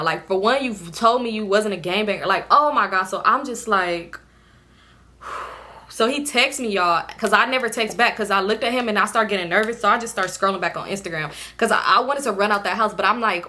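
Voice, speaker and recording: A young woman vlogger casually telling viewers a storytime, animated and slangy, indoors at home under a ring light. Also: mid-range voice, fairly quick.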